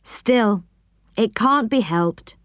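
A woman voicing a plucky young man in a storybook, talking in a lively, raised voice. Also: medium pitch, extremely slow, no echo, clean studio sound. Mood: resigned.

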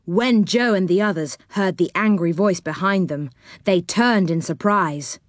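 A woman reading a children's storybook aloud, gentle and expressive. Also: lowish voice, a little slow, no room sound, clean studio sound.

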